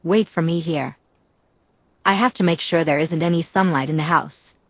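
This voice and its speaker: A woman's voice: low voice, normal speed, dry recording. A woman reading a teasing, protective woman vampire. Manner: playful, teasing.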